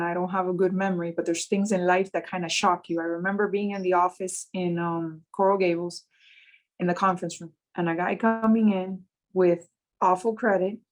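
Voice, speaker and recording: A woman talks through her experience as a mortgage business owner. She tells stories with animation and slows deliberately on the points that matter, in an easy conversational interview. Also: fairly low pitch, low-quality recording. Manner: animated storytelling, slows down to stress key points.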